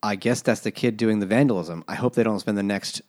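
A man's voice: fairly low pitch, brisk, darkish tone, dry recording, clean studio sound. A man co-hosting a casual podcast, recapping a book with profane jokes and acted-out quotes. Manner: profane, jokey, summarizes plot with acted quotes. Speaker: podcast co-host.

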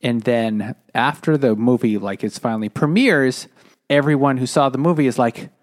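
A man co-hosting a book podcast, talking in a halting way with lots of "like.". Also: medium pitch. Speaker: podcast co-host. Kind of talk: casual chat about a book.

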